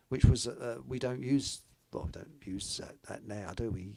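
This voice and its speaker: A man's voice: medium pitch, normal speed, gravelly, warm tone, no room sound. An older man hosting a casual radio chat, rambling and joking as he reads out listener comments. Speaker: host.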